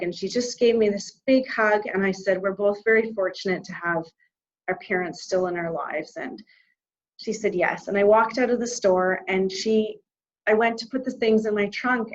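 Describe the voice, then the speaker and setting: A woman from Canada, an interview guest, telling a personal story in a heartfelt, reflective way, pausing and restarting as she goes. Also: medium pitch, highs cut off.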